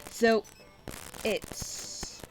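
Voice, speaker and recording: A woman's voice: extremely slow, a little hiss or hum, poor audio. A Scottish woman streaming, chatting casually and bluntly while she plays, swearing freely. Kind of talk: casual chat while gaming.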